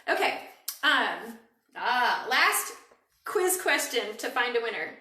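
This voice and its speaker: A bright, bubbly woman in her forties hosts a live product party from home, giggling as she chats. Her voice sits high and swoops about, and the room gives it a clear echo with faint noise behind. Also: sing-song, slow, far from the mic. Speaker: beauty product seller hosting a live party. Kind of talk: casual live demo chat.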